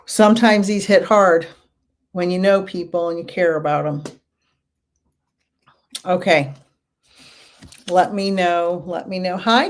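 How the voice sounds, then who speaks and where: A woman giving card readings to a live chat audience, gentle and reassuring, calling out viewers' names again and again. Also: on the low side. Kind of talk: livestream reading.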